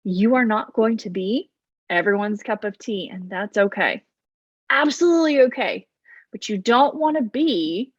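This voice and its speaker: A woman who works as a coach gives casual advice to camera. She talks loud and fast with lively energy. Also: mid-range voice, slightly rough, dry recording. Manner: loud, fast, animated talker who talks with her hands. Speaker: business coach. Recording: dull, slightly lo-fi, dry sound.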